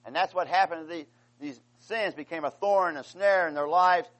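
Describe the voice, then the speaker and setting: A man preaching a sermon with passion, swinging from quiet explanation to loud, pleading outcries and calling out "amen" to his congregation. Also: fairly high pitch, moderate pace, low-quality recording. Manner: impassioned, rising to pleading outcries.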